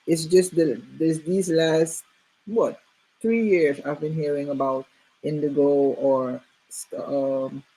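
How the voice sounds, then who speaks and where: A middle-aged woman hosting a relaxed group conversation. Her voice sits low and sounds husky, and she talks at an unhurried pace. She rambles and often circles back with fillers. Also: rough recording. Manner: rambling, many fillers and restarts. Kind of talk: casual group chat.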